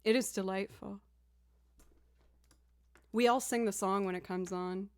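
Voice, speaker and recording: A woman's voice: medium pitch, steady tone, measured pace, clean tone. A woman musician chatting casually with her livestream viewers between songs. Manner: chatty, reading chat aloud between songs. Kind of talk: casual livestream chat while playing music. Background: looped instrument music.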